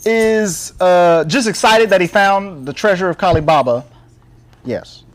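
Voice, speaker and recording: A man's voice: high-pitched, unhurried. Chatty man recapping a film on a podcast. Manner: rambling recap with fillers and laughs. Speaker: podcast co-host. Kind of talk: casual chat.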